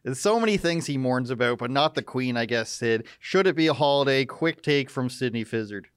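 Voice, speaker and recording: A man hosts a live news commentary stream, cracking jokes and wandering into sarcastic asides. His voice is smooth and resonant at a middle pitch. The sound is dry and close. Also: expressive, a little fast, dry recording. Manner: joking, sarcastic, rambling asides.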